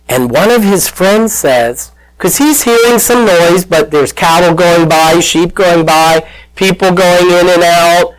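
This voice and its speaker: A man's voice: fairly high pitch, poor audio. A man preaching a sermon as pastor, retelling a story and acting out the voices in it. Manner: storytelling, acts out quoted voices, calls out to listeners.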